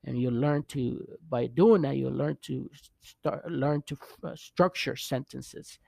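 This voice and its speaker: A man teaching Spanish vowels in a casual video lesson, pausing often to check in with the viewer. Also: mid-range voice, creaky, darkish tone, no echo. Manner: halting, restarts often, checks in with "okay?" and "right?".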